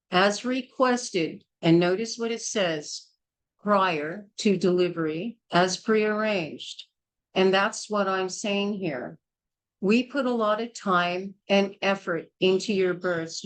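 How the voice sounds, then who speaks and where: A woman's voice: medium pitch, slow, low-quality recording. Older lady midwife lecturing a small class, blunt and scolding, keeps hammering the same point. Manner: forceful, scolding, repetitive. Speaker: midwife teaching a childbirth class.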